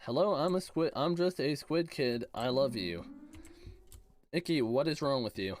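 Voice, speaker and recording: A young man from Canada streaming a game live, chatting with viewers in a playful, teasing way and reacting quickly. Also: medium pitch, expressive. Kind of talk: casual live-stream commentary reading chat.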